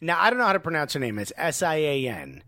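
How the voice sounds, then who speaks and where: A man with a high, bright voice chats casually as a comedy podcast co-host. He jokes a lot and acts out the quotes he tells. The recording is close and dry, with no room sound. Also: fast, no room sound. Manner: joking, animated, acts out quotes.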